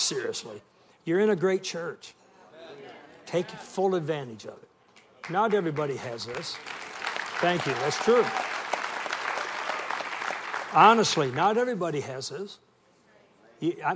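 A man's voice: on the high side, expressive, moderate pace, crowd noise. A middle-aged man preaching a sermon as a guest preacher, telling folksy stories and calling for responses from the congregation. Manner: folksy storytelling with call and response.

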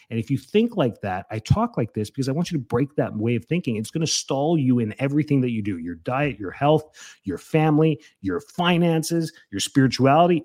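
A middle-aged man giving casual health advice, blunt and animated, mimicking people's excuses and jumping up in pitch when he scolds.

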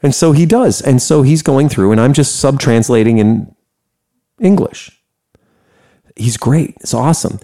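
An American man casually telling a story, animated and profane, laughing often. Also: mid-range voice, a little slow, pauses often. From United States.

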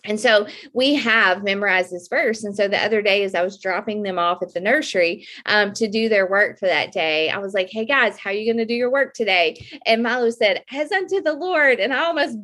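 A woman in her thirties talks about faith in a casual, earnest way. Her voice sits at a middle pitch. She sounds heartfelt and chatty, with fillers and restarts. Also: brisk, hardly any pauses, pushed and bright. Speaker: mother sharing scripture with her children. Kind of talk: casual Christian faith talk.

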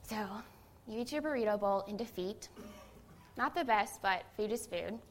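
A woman's voice: medium pitch, moderate pace, slight background noise. A young adult woman, a seminary student, giving a conversational sermon that opens with a self-deprecating personal story.

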